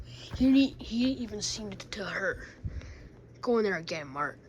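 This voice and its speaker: A woman's voice: mid-range voice, lively intonation, normal speed, noisy background. A woman playing out scenes with plush toys, playfully switching between character voices and asides to viewers. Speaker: plush toy video maker.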